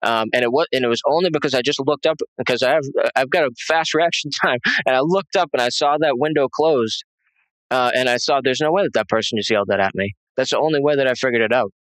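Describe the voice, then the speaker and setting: A man giving a halting, rambling personal testimony as an interview guest, full of fillers and restarts. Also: medium pitch, fairly bright tone, dry recording, rough recording.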